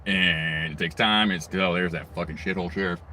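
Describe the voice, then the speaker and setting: Low-voiced man on a profane rant. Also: steady tone, a little fast, sharp tone, slight background noise. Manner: angry, crude, rambling, swears constantly. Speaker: vlogger. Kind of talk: profane ranting monologue.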